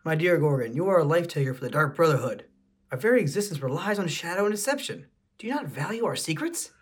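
Refined female assassin, stern and lecturing, husky tone, voiced by a man. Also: a little high, lively intonation, fast talker. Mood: scolding. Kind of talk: casual podcast read-through.

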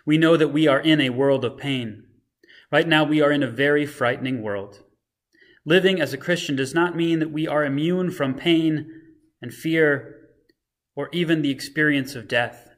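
A man, a pastor, reading scripture and giving a short devotional sermon in a measured, earnest way. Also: on the high side. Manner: measured, earnest reflection with dramatic readings of quoted lines.

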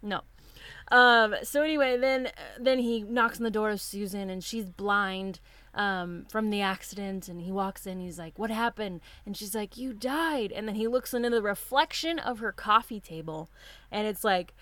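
A woman co-hosting a casual chat, retelling a story in an animated way and acting out the quotes. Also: mid-range voice, normal speed, no echo. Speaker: podcast co-host.

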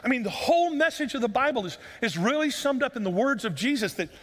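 A man's voice: very high-pitched, expressive, fast, a bit bright. A man preaching a sermon as pastor, earnest and pleading, pressing his listeners with repeated rhetorical questions. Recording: long reverb of a large room.

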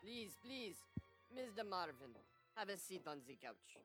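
A woman playing a calm, coaxing therapist in a comedy sketch, speaking slowly and soothingly. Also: mid-range voice, faint music behind. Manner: slow and soothing. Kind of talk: soft spoken sketch acting.

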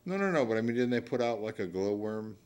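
Deep-voiced older man, laid-back co-host. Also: expressive, quick pace, a little mellow, clean tone. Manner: laid-back, rambling, trails off mid-sentence. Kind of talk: casual chat.

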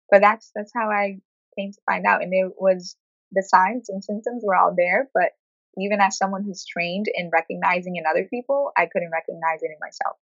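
A woman speaking frankly in a conversational interview, telling her story with animated quoted asides. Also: medium pitch, no room sound, muffled recording. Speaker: guest sharing her experience.

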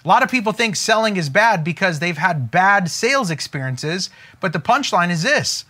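A man giving an emphatic, preacher-like motivational talk as a business coach, slowing down to stress key phrases. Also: high-pitched, animated, bright, forceful tone.

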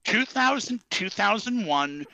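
A man co-hosting a podcast, chatting casually about movies with quick, knowing asides. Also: sits high, lively intonation, vocal fry, a crowd in the background, poor audio. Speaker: podcast co-host. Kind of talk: casual movie-review chat.

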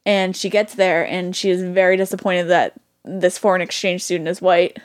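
A woman's voice: fairly low pitch, flat delivery, moderate pace. A young adult woman co-hosting a podcast in casual chat, chatty and eager to tell stories. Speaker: podcast co-host.

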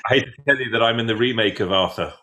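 Fast-talking joking male host. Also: lowish voice, sharp tone. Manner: fast, joking, stammers and restarts. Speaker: interviewer host. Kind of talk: casual interview chat.

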